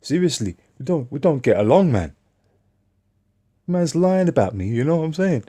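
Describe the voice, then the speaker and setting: A man's voice: on the high side, sing-song, normal speed, warm tone, slightly rough, pitched above the performer's own voice. A man putting on the voice of a stern, pushy male work supervisor who repeats himself. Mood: earnest. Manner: threatening, repeats "man" and "understand".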